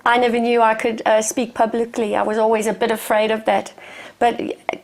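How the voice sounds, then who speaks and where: A woman's voice: fairly high pitch, monotone, a little fast, vocal fry. A woman author, a guest on a TV talk show, speaking in an earnest, encouraging way.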